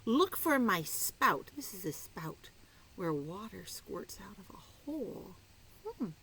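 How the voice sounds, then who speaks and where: A woman's voice: medium pitch, sing-song, slow, a bit bright, slightly rough, low-quality recording. A woman teacher reading a picture book aloud to small children, playful and coaxing, dropping to a whisper for the riddle clues. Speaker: preschool teacher.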